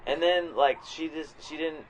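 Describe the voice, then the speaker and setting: A man co-hosting a podcast in casual chat, rambling and swearing freely, sometimes jumping into loud quoted voices. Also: a little high, moderate pace, lo-fi sound, slight background noise. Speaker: podcast co-host.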